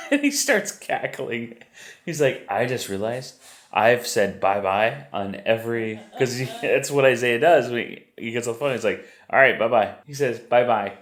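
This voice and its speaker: A middle-aged father vlogging casually, coaching his kids and telling family stories in a relaxed way. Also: medium pitch, measured pace. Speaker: vlog host and father. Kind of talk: casual family vlog talk.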